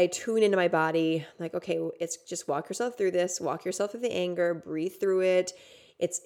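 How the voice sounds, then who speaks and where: Female podcast host, lowish voice, candid storyteller, swears and says "like" a lot. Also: a little mellow. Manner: candid, swears freely, many fillers. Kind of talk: casual storytelling monologue.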